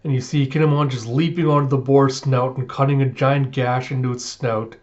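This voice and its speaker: A man talks through a comic chapter in a chatty, sarcastic way. His voice sits at an average pitch. The recording is dull and lo-fi. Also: fairly even intonation, moderate pace, darkish tone. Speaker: manga reviewer. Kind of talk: casual reaction recap.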